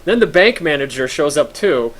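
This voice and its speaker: A man's voice: a little high, big pitch swings, normal speed, fairly bright tone, poor audio. A man streaming live, chatting casually to his viewers, a little tired, rambling through stories with lots of fillers and restarts and chuckling often.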